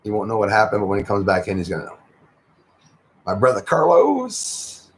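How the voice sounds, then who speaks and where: A man's voice: fairly low pitch, little pitch movement, rapid-fire. A man hosting a casual livestream, chatting with viewers, greeting them by name and often saying "eh". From Canada. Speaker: livestream host.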